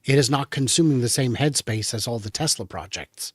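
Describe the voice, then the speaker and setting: Man pushing back calmly, dry sound. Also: mid-range voice, a little fast, husky, dry recording. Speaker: podcast co-host. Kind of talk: casual panel chat.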